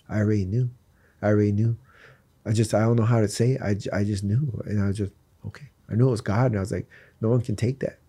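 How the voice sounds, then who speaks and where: A man's voice: fairly low pitch, mellow, husky. A man telling his personal faith story as a guest in an earnest, candid way. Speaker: guest sharing his testimony. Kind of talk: personal faith testimony in conversation.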